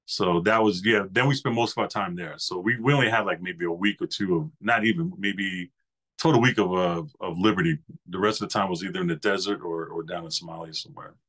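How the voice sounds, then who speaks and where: A man in his fifties from New York talks in a fairly low voice as a podcast guest. He tells his stories in a loose, easygoing way and wanders from one memory to the next like a casual storyteller. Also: a little fast, a bit bright. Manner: rambling anecdotal storyteller, easygoing. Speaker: podcast guest, former Marine.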